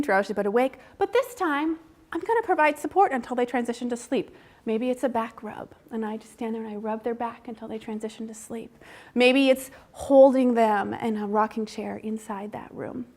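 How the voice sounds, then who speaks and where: A woman's voice: on the high side, moderate pace. A woman researcher giving a seminar talk in a conversational manner, often checking in with the audience with tag questions. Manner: acts out parents' lines in a soft whisper.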